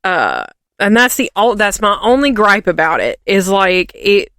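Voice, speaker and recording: A woman's voice: medium pitch, sing-song, unhurried, fairly bright tone, smooth, no room sound, studio quality. A woman co-hosting a podcast, rambling and ranting in casual chat with lots of fillers. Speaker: podcast co-host.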